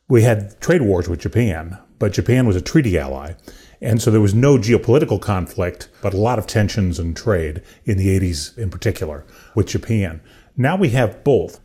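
A man's voice: fairly low pitch, mellow, slightly rough. A man hosting an interview, setting up questions thoughtfully and at length. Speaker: podcast host.

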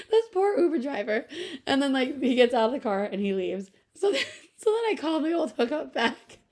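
Bubbly young woman with a high voice. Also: very animated, normal speed, a little mellow. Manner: chatty storyteller, many "like" fillers, laughs often. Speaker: podcast co-host. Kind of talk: casual chat.

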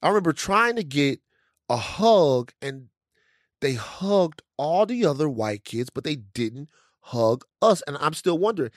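A man co-hosting a casual talk show, talking in a blunt and animated way. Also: fairly high pitch, unhurried, dry recording, studio quality. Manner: animated, blunt, reads statements aloud. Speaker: co-host. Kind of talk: casual chat.

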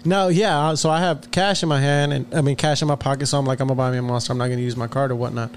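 Fast-talking man telling a story. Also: medium pitch, steady tone, slight background noise. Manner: rambling, laughs often, many fillers and restarts. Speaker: podcast co-host. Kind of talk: casual storytelling chat.

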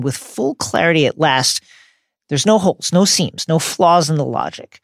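Man, podcast co-host, emphatic, essay-like, lively intonation, dry studio sound. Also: a little high, dry recording. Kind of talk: casual podcast discussion.

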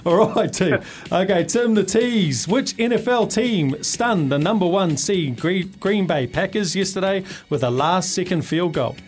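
A man's voice: sits high, animated, measured pace, soft background music. A man hosting a radio quiz, chummy and laughing often as he calls everyone mate. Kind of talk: upbeat radio banter.

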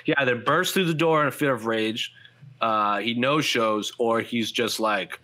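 A man's voice: medium pitch, measured pace, bright, forceful tone. A man hosting a fight-sports podcast, rambling through lists of matchups with lots of fillers in casual chat. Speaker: MMA podcast host. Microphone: headphones and studio mic.

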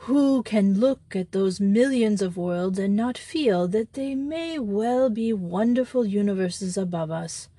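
Sly tall fake priest, low grave talk, bold and mocking as a woman reads him. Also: warm tone, dry recording.

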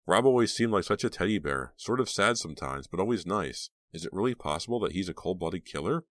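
A man's voice: low-pitched, lively intonation, fast, no room sound, voice pushed up. A man voicing a teenage girl's anxious inner thoughts, questioning herself, in an audiobook. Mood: uneasy. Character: teenage girl, anxious and inward-thinking.

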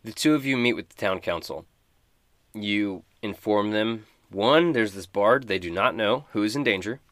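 A man's voice: on the low side, moderate pace, a bit bright, dry recording. A man narrates a tabletop game as its game master, easygoing and conversational. His voice sits dry and close, with no room sound around it.

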